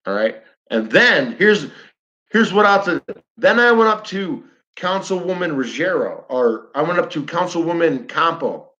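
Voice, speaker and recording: A man's voice: on the high side, lively intonation, measured pace, sharp tone, highs cut off. A man with a New York accent ranting bluntly on a livestream, repeating himself and talking straight to his viewers. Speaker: flat earth livestreamer. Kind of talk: fired-up livestream rant.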